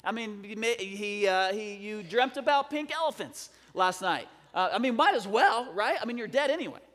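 A man's voice: fairly high pitch, animated, moderate pace, fairly bright tone. A man playing an unflappable young counselor who talks in an offhand, joking way. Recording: long hall reverb.

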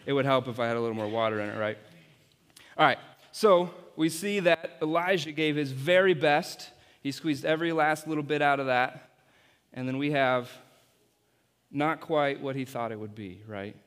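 A man's voice: mid-range voice, moderate pace, a bit bright, clean tone. A man, apparently a youth pastor, giving an object-lesson sermon and playfully coaching volunteers on stage. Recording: long hall reverb.

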